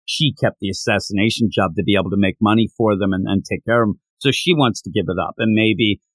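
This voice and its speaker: A man's voice: fairly low pitch, quick pace, no echo. A man co-hosting a podcast, recapping a manga chapter in casual chat and acting out the characters' lines as he goes. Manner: animated, acts out characters' lines mid-story. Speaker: podcast co-host.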